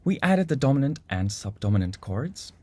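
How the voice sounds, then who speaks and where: A man teaching a music improvisation lesson in a calm, explanatory way. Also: mid-range voice, moderate pace. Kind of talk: instructional video lesson.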